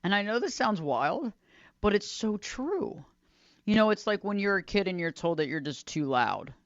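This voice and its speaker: A woman's voice: mid-range voice, very animated, normal speed, dry recording, muffled recording. A woman hosting a radio talk show, speaking conversationally, repeating phrases for emphasis. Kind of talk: solo talk radio monologue.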